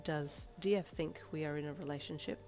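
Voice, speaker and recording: A woman reads as a proper young male student, earnest and blunt, his words stiff and formal. The voice sits fairly low, close to the reader's own. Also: fairly quick, soft background music, lightly acted.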